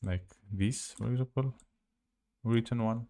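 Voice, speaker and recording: A man with a Russian accent teaching a live language lesson, halting and searching for words as he spells out letters. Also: medium pitch, dark tone.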